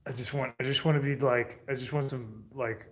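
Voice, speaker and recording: Man, livestream chat, rambling, swears freely, answers viewers, middling pitch, faint noise behind. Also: fairly even intonation, brisk. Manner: profane.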